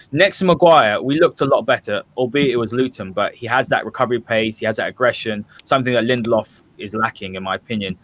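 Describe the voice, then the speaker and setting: A man's voice: fairly low pitch, a bit bright. A man with a Southern English accent hosting a fan podcast and steering an opinionated discussion. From Southern England. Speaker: host.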